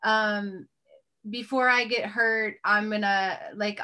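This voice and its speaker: A woman hosting an interview, reflective and affirming, quick to jump in with her thoughts. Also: mid-range voice, fairly even intonation, sharp tone, clear, resonant tone. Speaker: host. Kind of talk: supportive interview talk.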